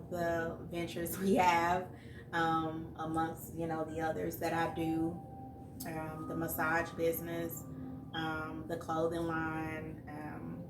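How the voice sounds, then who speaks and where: Woman guest, lowish voice, halting speech, far from the mic. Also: reverberant, background noise. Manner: halting, many ums and restarts. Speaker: guest, entrepreneur. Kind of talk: casual interview.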